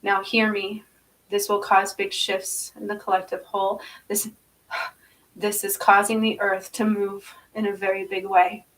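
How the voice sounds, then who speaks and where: A woman's voice: mid-range voice, flat delivery, measured pace, a bit bright. Intense woman channeling, distant from mic. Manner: intense, repetitive, chants glossolalia-like syllables; speaks with eyes closed, asks listeners if they understand. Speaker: spiritual channeler. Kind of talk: live spiritual channeling monologue.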